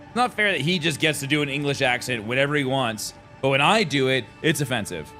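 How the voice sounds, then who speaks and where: A man's voice: mid-range voice, animated, quick pace, bright, forceful tone, soft background music. A young man streaming a game live, rambling and joking about what's on screen with sing-song asides. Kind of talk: live gameplay commentary.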